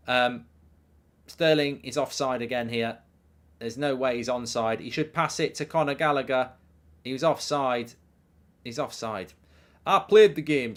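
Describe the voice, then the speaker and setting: A man hosting a live football watchalong stream in a loose, rambling way. He mocks himself, riffs on ideas and reads out messages from viewers. His voice sits at a middle pitch and often sinks to a quiet mumble. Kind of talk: casual live commentary and chat reading.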